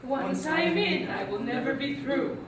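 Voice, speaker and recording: A woman's voice: sits high, normal speed, heavy background noise, natural voice. A woman playing a frightened girl lost in wild woods. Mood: fearful. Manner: anxious, pleading, repetitive stage speech. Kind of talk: stage play performance. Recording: echoey stage audio from a distant mic.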